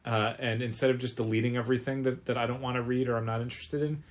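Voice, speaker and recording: A man with a mid-range voice co-hosts a comic shop podcast in relaxed chat. He is easygoing, and his voice climbs sharply when something exasperates him. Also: mid-range voice, rapid-fire.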